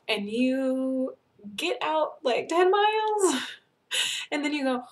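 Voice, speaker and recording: A young woman from North Carolina giving casual advice to the camera, chatty and animated, laughing often and acting out what people think. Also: high voice, slow. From North Carolina, USA. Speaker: vlogger.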